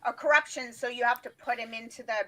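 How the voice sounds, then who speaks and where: A woman co-hosts a casual chat, rambling through ideas with many fillers. Her voice sits high and bright. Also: steady tone, quick pace, poor audio. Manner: rambling, lots of fillers and acted quotes. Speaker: podcast co-host.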